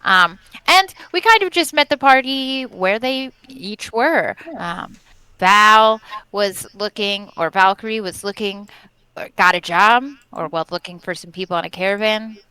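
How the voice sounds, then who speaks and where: Woman player, hesitant recap delivery, crisp bright tone. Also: mid-range voice, a little slow, dry recording, poor audio. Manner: hesitant, unsure of names. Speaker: player giving a session recap. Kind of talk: casual recap.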